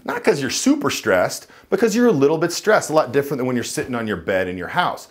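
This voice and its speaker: An animated, lively-pitched man talks straight to camera as a coach. He is emphatic and now and then sinks into a deep chest voice to show the difference. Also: fast. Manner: emphatic, drops into a low chest voice to demonstrate. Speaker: dating and voice coach. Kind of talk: instructional talk to camera.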